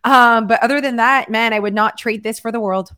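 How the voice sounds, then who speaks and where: A woman hosting a casual chat about weight loss and sleep, talking fast with lots of "like". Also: on the high side, fairly even intonation, bright, forceful tone, clean tone. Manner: chatty, lots of filler "like". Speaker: host.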